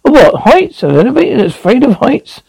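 A man's voice: extremely high pitch, big pitch swings, a little fast, gravelly, darkish tone, husky, no echo, pitched above the performer's own voice, heavily acted, rough recording. A man reading aloud and voicing an impatient, exasperated grown man who bursts out in frustration. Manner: exasperated, raises voice in outbursts.

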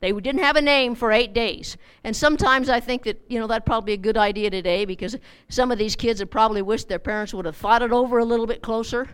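A woman's voice: fairly high pitch, quick pace, few pauses, smooth. A middle-aged woman teaching a Bible study in a chatty, informal way, repeating words as she goes.

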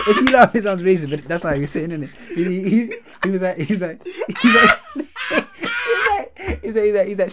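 A young man, telling a story in casual chat, animated, with laughter and heavy slang. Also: high voice, fairly quick, few pauses, heavy background noise. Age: young adult.

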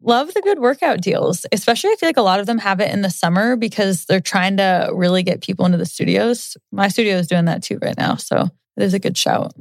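Woman podcast co-host, vocal fry, dry close recording, casual chat. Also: mid-range voice, fast, few pauses, no room sound.

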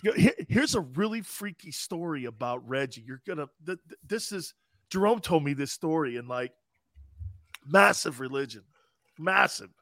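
A middle-aged man co-hosts a relaxed sports-radio conversation, asking questions and chiming in with his own memories. His voice is high for a man, and the recording is close and dry. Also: normal speed, no echo. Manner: conversational, asks questions, adds asides. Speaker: sports talk host, former pro player. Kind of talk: casual sports radio chat.

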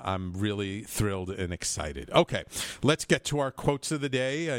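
A man's voice: mid-range voice, no echo. A man hosting a radio talk show, chatting with enthusiasm and rambling through many fillers.

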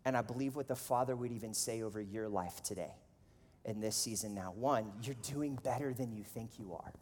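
A man in his thirties preaching a sermon in a casual, animated storytelling way, full of "like". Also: lowish voice, fairly quick, slight background noise. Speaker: pastor. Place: church auditorium. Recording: long reverb of a large hall.

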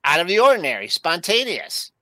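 A middle-aged man co-hosting, telling a weekend story with lively enthusiasm. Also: high-pitched, brisk, no room sound. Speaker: co-host. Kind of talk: casual storytelling chat.

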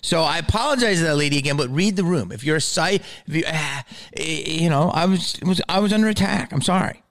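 A man's voice: fairly high pitch, lively intonation, brisk, fairly bright tone, no room sound, clean studio sound. A man hosting a podcast, talking over a clip in a profane, self-justifying rant. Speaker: podcast host.

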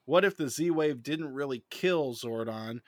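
A middle-aged man co-hosting a casual fan chat podcast, animated and quick to laugh while retelling scenes. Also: medium pitch, no echo, studio quality. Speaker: podcast co-host.

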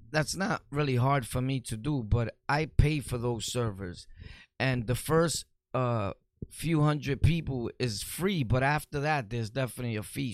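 Man, podcast host, gravelly, blunt and rambling, dry close sound. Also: medium pitch, no room sound. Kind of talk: casual monologue answering comments.

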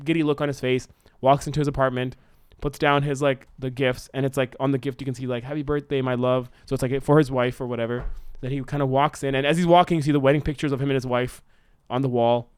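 A man co-hosting a podcast, pitching a film plot in a rambling, animated way with lots of fillers. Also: clear, resonant tone, no room sound. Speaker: podcast co-host. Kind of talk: casual brainstorming chat.

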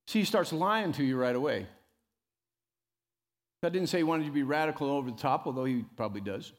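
Man, pastor, sermon, high voice, emphatic swings in volume, long church reverb. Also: lively intonation, fairly quick, pauses often. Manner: emphatic preacher who rises and drops in pitch and loudness, calling "come on".

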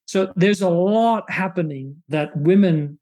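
A man's voice: high voice, dark tone. A man on a podcast telling a personal story in earnest, candid talk. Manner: earnest, acts out his own past lines in quick bursts.

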